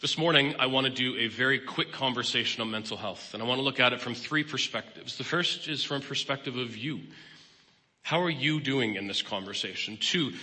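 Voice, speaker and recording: A man's voice: mid-range voice, bright, forceful tone. A man in his fifties, a therapist giving a candid, personal talk in a conversational sermon style. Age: 50s. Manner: candid, personal, plain-spoken. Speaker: guest speaker and therapist. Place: church hall. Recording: long reverb of a large hall.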